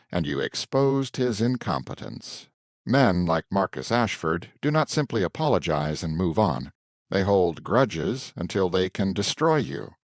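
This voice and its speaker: A poised, shrewd woman assistant, as a man reading aloud puts her on, speaking in measured, earnest sentences. The voice sits deep but rises and falls a lot. The sound is close and dry, with no room around it. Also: dry recording. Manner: calm, measured, warning in a hushed tone.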